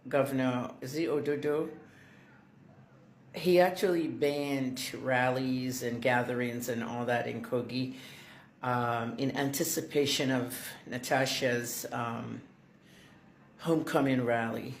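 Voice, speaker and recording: A woman's voice: rumbling low, reverberant. A woman giving chatty, indignant commentary to her fans in a casual vlog.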